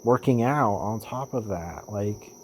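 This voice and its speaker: A young man talking in a casual vlog monologue, rambling with lots of fillers and swearing, getting animated as he retells stories. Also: on the low side, measured pace, a little hiss or hum. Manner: rambling, profane, with many fillers and restarts. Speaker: vlogger.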